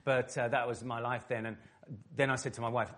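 A man's voice: medium pitch, brisk. A middle-aged man from England, a former footballer turned pastor, telling vivid stories in an interview and laughing easily. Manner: animated, vivid storyteller who laughs often. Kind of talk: storytelling in an interview.

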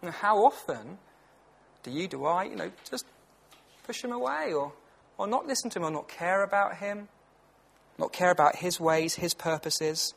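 A man's voice: high-pitched, expressive, moderate pace, vocal fry, long pauses, a bit bright, breathy edge. A British man in his thirties giving a lunchtime Bible talk in a conversational, earnest way, with personal stories. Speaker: preacher.

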